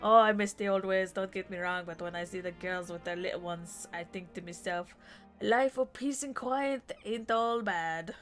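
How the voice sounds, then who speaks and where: A woman voicing a rough-talking female siren pirate with a slow, folksy seafaring drawl. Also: medium pitch, soft background music, lightly acted. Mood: wistful.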